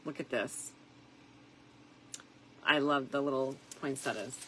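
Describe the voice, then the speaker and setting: A tired middle-aged woman chatting softly and reflectively as she makes a wreath, with plenty of fillers along the way. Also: very deep voice, slow pace, a little hiss or hum, poor audio. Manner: soft-spoken and reflective, with frequent fillers. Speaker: craft vlogger. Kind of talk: casual crafting chat.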